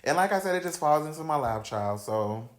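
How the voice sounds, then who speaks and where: A young man hosting a podcast, telling personal stories in a candid, slangy, dramatic way, dropping to low mutters and rising to loud outbursts. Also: expressive, fairly quick. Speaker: podcast host. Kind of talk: candid storytelling chat. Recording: roomy echoey room.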